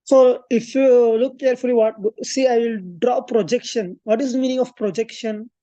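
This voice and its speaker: Woman, maths tutor, mellow voice, dry close sound, talks through steps with fillers. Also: a little high, steady tone, moderate pace, no room sound, lo-fi sound. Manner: explains step by step, thinks aloud with fillers and self-corrections. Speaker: maths coaching teacher. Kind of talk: classroom lecture at a board.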